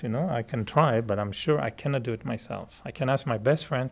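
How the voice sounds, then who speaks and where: A man with a French Canadian accent, a native French speaker, teaching meditation in a relaxed, chatty way, laughing often and restarting sentences. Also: medium pitch, fairly quick, creaky, few pauses. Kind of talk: relaxed spoken talk to a group.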